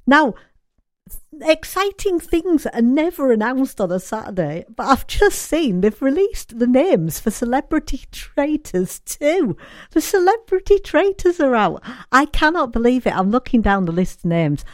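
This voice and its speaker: A woman presenting a chatty radio show, bubbly, with her voice rising as she gets excited. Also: fairly high pitch, moderate pace, no echo, studio quality. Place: radio studio. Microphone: studio microphone.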